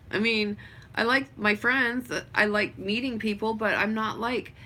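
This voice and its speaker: A woman's voice: fairly high pitch, steady tone, slow, pushed and bright. A woman talks loosely to viewers on a livestream from her home. She drifts between thoughts with plenty of fillers. A faint background hum sits under her voice. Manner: rambling, many fillers. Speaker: vlogger. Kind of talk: casual livestream chat.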